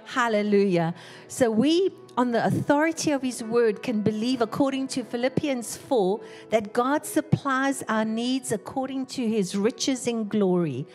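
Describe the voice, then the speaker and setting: A woman's voice: fairly high pitch, unhurried, a little mellow. Australian woman reading scripture over music. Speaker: church minister leading the offering.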